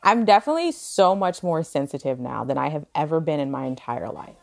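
A woman hosting a podcast, telling stories in a lively, casual way with lots of fillers. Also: low-pitched, fairly quick, gravelly. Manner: animated, filler-heavy storytelling. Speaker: podcast host. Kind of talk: casual chat.

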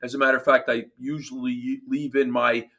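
A man's voice: mid-range voice, level tone, moderate pace, sharp tone. A man with a New Jersey accent, a performance coach talking emphatically in a casual podcast chat, often restarting his phrases.

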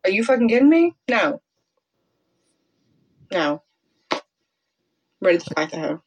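A woman's voice: mid-range voice, big pitch swings, a little slow, breathy edge, highs cut off. A woman co-hosting a podcast in casual chat, blunt and emphatic with lots of swearing. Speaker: podcast co-host.

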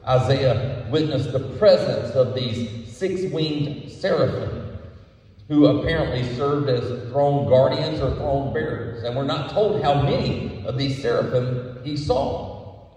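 A male pastor delivers a sermon slowly and deliberately, leaning on repeated words for emphasis. His voice sits at an ordinary middle pitch and is picked up from some distance, with a long, echoey hall reverb around it. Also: mellow.

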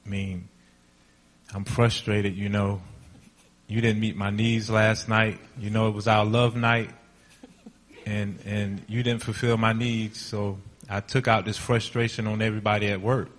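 A man's voice: fairly low pitch, flat delivery, a little slow, close to an everyday voice. A man playing a frustrated husband heading to work in an amateur skit, talking sulky and defensive. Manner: sulky, defensive, then apologetic. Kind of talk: amateur church skit acting.

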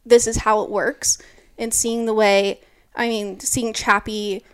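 A woman in her early twenties, a mountain bike racer, telling an animated story in an interview and peppering it with "like". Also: mid-range voice, measured pace, clear, resonant tone. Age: early 20s. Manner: animated, lots of "like", acts out quotes.

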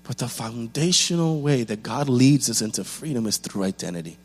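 A man's voice: medium pitch, expressive, moderate pace, a little mellow, long reverb tail. A man preaching a sermon as pastor, building intensity with rhetorical questions and repeated lines.

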